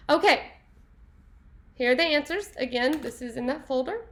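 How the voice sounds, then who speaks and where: A woman teaching a Spanish class, upbeat and playful, praising answers and breaking into quick asides. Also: sits high, animated, fairly bright tone. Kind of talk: classroom lesson.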